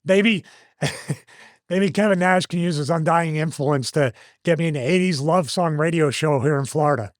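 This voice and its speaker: Higher-voiced jokey Philly man. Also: normal speed, no room sound. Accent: Philadelphia. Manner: jokey, rambling, self-mocking. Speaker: podcast host. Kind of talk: casual podcast chat.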